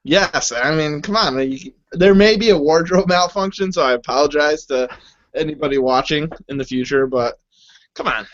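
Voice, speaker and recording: Easygoing man co-hosting, fairly high voice. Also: no echo. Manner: easygoing, joking, drawn-out phrasing. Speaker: podcast co-host. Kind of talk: casual chat. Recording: dull lo-fi audio.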